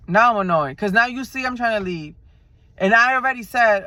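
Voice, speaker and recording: A woman in her twenties from New York, with a New York accent, chatting in a car and telling a story in an animated, slangy way, acting out the people she quotes. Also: medium pitch, brisk, no room sound. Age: 20s. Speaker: vlogger. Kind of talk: casual storytelling chat. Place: inside a car.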